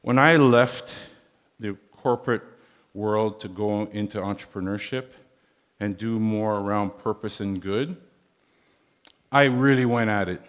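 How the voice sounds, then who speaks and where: A man giving a motivational leadership talk in a large hall, measured and preacherly, with proverbs. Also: on the low side. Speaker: keynote speaker. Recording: long hall reverb.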